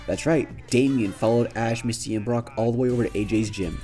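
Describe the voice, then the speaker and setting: A man's voice: mid-range voice, fairly even intonation, fairly quick, dark tone, soft background music. A man casually narrating a fan-made story, chatty and speaking directly to his listeners.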